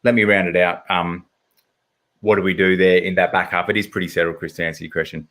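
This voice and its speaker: A fast-talking Australian man with a low, level voice and a fairly bright tone runs a relaxed footy podcast. His chat is loose and stat-driven, peppered with filler words.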